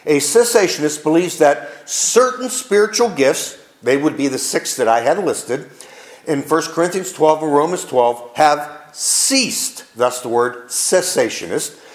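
A pastor preaching a sermon with an emphatic cadence that rises and falls. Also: male voice, fairly high pitch, reverberant.

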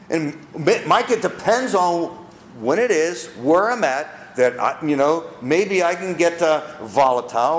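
A man delivers a sermon in a voice that sits a little high and swings up and down freely. He keeps asking the audience rhetorical questions. The sound carries a clear echo from the room. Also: a little hiss or hum. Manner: acts out quoted people in character. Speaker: preacher. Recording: echoey room.

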